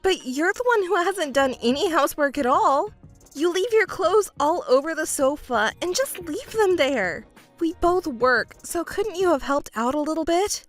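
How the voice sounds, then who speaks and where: A woman's voice: high-pitched, lively intonation, moderate pace, soft background music, voice pushed up. A woman voicing a young overworked fiancée who pleads and argues back defensively. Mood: pleading. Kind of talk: texting story voice acting.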